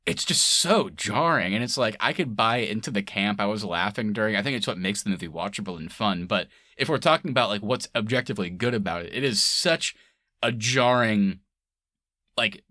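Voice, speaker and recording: A young man co-hosting a podcast, chatting casually about movies, laughing often and mimicking characters in a high voice. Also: animated, brisk, sharp tone, dry recording, clean studio sound. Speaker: podcast co-host. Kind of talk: casual movie review chat.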